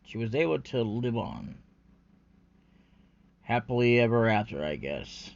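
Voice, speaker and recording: A man's voice: mid-range voice, sing-song, measured pace, gravelly. A man ranting in a rambling, unscripted way about anime, profane and full of fillers, on a dull lo-fi recording. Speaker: anime commentary vlogger.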